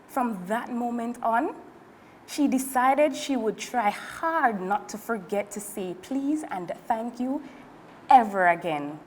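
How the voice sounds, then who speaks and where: Slow, expressive woman storyteller. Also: a little high, slight background noise. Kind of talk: reading a picture book to children.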